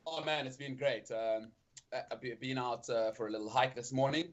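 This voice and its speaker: A South African man chats as a podcast guest, relaxed and often repeating words as he gathers his thoughts. His voice comes through slightly muffled audio. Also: medium pitch, fairly quick. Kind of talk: casual chat.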